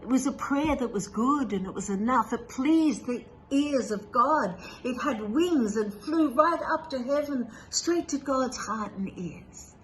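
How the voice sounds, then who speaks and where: Lady doing a grave heavenly voice, hushed and reproachful, low-ish and soft. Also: expressive, measured pace, few pauses, slight background noise, low-quality recording.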